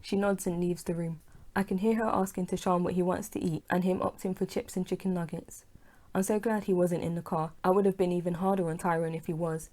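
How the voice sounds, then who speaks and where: A woman narrating her own novel as an audiobook, in a lowish, warm voice. She reads steadily in the first person, giving the lines a little feeling. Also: fairly quick. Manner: plain, steady reading, dialogue voiced with mild feeling.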